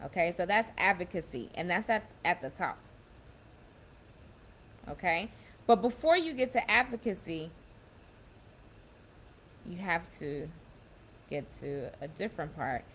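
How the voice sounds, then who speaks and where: A young woman giving a casual motivational talk, emphatic and warm, often repeating and restarting her phrases as she explains. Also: fairly low pitch, sing-song, a little slow, long pauses, a little hiss or hum. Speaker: self-empowerment speaker.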